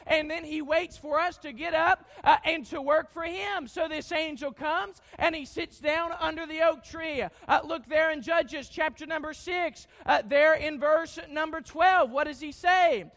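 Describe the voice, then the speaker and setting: A man preaching a sermon with fervor, often shouting, with frequent "uh" fillers, reading scripture slowly and solemnly. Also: very high-pitched.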